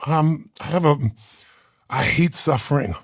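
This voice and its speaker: Man, 60s, interview guest; raspy, gravelly, heartfelt personal storyteller. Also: a little high, measured pace, no room sound, clean studio sound. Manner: emotional, earnest, tells a personal story.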